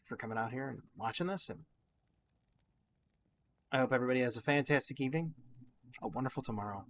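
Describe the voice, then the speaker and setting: A man with a mid-pitched voice rambles thoughtfully while playing a game, sharing opinions in a loose, reflective way. Faint background noise sits under his voice. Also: fast talker. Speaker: gaming channel host. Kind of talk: casual gameplay commentary with musings.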